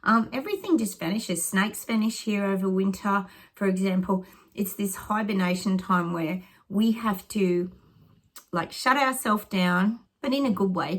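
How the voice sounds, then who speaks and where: A woman's voice: mid-range voice, a bit bright. A middle-aged woman psychic giving rambling predictions to her viewers, thinking aloud and often dropping into whispered asides.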